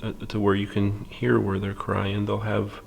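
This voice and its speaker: Leading a library drawing class one step at a time, a patient, calm man fills his speech with fillers and drops to soft half-whispers while sketching. He has a fairly low, gravelly voice and a measured pace, with slight background noise.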